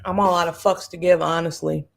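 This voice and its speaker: A woman's voice: fairly low pitch, fairly even intonation, fairly quick, creaky. A woman hosting a livestream and giving blunt, profane, sarcastic political commentary, repeating phrases for emphasis. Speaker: livestream host.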